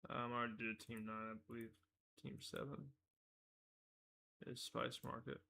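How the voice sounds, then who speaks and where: A man with a gravelly, fry-edged voice at an ordinary middle pitch, chatting his way through a live stream. He rambles and restarts his sentences, and he is easily amused. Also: little pitch movement, moderate pace, bright, forceful tone. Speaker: showrunner hosting a live stream. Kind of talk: casual live-stream commentary.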